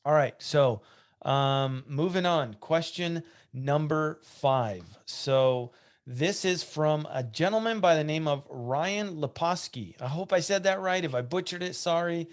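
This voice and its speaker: A man's voice: fairly high pitch, measured pace. A man hosting a church podcast, reading listener questions aloud and chatting with asides. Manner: conversational, reads aloud with asides and restarts. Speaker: podcast host.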